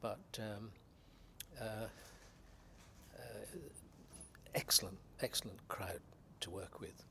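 An older man from England's West Country, an actor guest reminiscing in unhurried anecdotes about his career. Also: fairly low pitch, creaky, pushed and bright, a little hiss or hum. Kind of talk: reminiscing interview.

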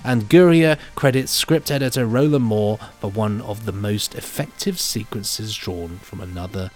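A man's voice: lowish voice, normal speed, darkish tone, faint music behind. Giggly male podcast co-host reading reviews. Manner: giggly, stumbles and restarts while reading aloud. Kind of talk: casual chat reading out reviews.

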